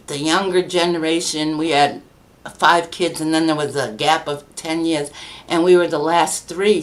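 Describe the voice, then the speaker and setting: Middle-aged woman, low voice, chatty storyteller who laughs a lot and plays out the voices of people she quotes; a podcast guest. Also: a bit bright. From New Bedford, Massachusetts, USA. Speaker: guest, children's book author. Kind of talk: casual conversational storytelling.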